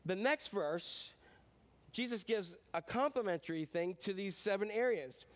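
Chatty middle-aged pastor, slightly high voice. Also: male voice, expressive, measured pace. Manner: chatty storytelling, self-deprecating, many fillers. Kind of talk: conversational sermon.

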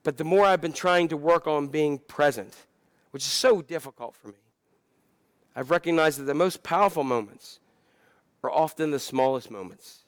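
Male pastor, sermon, smooth and slightly high voice, casual and self-mocking, builds to passion. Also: moderate pace, no room sound, studio quality. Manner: conversational, self-deprecating, building to impassioned.

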